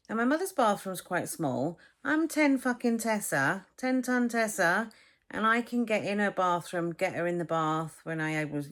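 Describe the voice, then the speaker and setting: Middle-aged woman, blunt and chatty, swears freely, casual vlog to camera. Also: lowish voice. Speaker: vlogger.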